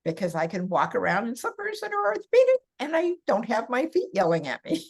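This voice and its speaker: This older California woman, a podcast guest, speaks a bit fast in a high voice whose pitch swoops wildly. Chatting casually about massage for elderly clients, she tells stories and laughs a lot.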